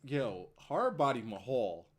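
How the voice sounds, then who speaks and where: Dude hyped up reviewing wrestling, pitch jumping all over, cussing and laughing a bunch. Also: male voice, takes it slowly. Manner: animated, profane, laughs a lot. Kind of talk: casual podcast chat.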